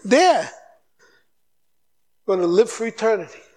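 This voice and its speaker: A man with a notably high voice preaches a fervent sermon. He presses his listeners with quick questions and plays out little back-and-forth dialogues, his voice climbing as he urges them on. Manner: exhorting, animated, mimics dialogue. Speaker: guest preacher.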